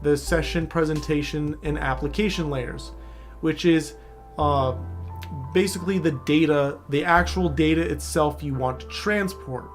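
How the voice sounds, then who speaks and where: A man's voice: fairly high pitch, a little slow, soft background music. A man casually explaining networking basics in a screen-share tutorial, often checking in with the viewer. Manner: casual, loose, talks to viewer directly with frequent "all right?". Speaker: cybersecurity instructor.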